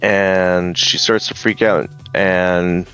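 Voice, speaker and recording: A man's voice: low voice, fairly even intonation, takes it slowly, a bit bright, smooth, faint music behind. A man casually retelling a story, hesitant with many ums and some swearing. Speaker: streamer.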